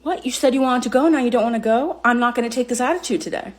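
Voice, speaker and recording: A woman's voice: on the high side, fast talker, voice pushed up, lightly acted. A woman playing a harried suburban mother at the beach, scolding her kids and husband. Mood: exasperated. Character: frazzled suburban mom at the beach, exasperated.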